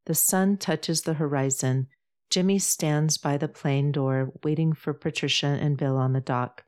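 A woman reading a novel aloud in steady scripted narration. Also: deep voice, normal speed. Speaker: audiobook narrator.

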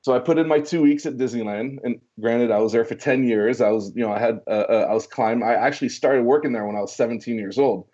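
Guy telling a story in a chat, stumbles and repeats words, warm voice, kinda muffled sound. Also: medium pitch, fast, few pauses, breathy edge. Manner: animated storyteller, many restarts and repeated words, acts out quoted dialogue. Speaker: guest telling his career story. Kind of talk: casual storytelling interview.

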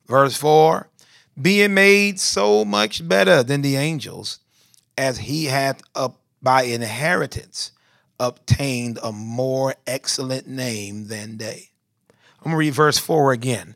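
A man's voice: medium pitch, creaky, a bit bright, no echo, studio quality. A man, a pastor reading scripture, preaching and praying with rising emphatic bursts. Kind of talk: sermon and prayer.

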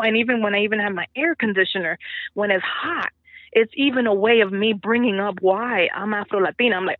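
Over a tinny telephone line, a Dominican woman who works as a teacher chats through an interview, laughing frequently. Her voice is medium in pitch, fairly quick, with no echo.

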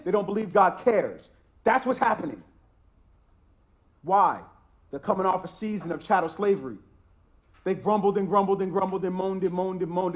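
A man preaching a sermon as a pastor, emphatic and repetitive, with frequent restarts. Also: fairly high pitch.

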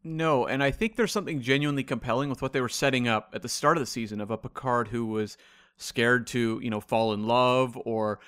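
A man co-hosting a casual podcast discussion in a relaxed, conversational way. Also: medium pitch, brisk, smooth, no room sound, studio quality. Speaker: podcast co-host.

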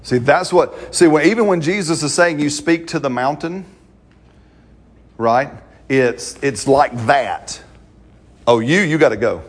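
A man's voice: fairly high pitch, expressive, unhurried, pauses often. A man preaching a sermon in a conversational, playful way, acting out quotes and laughing along with the congregation.

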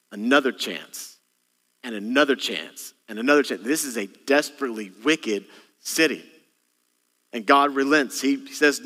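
A male senior pastor preaching a sermon, dramatic, acting out voices in sudden bursts. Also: medium pitch. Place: church auditorium. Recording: long hall reverb, faint guitar behind. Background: soft guitar.

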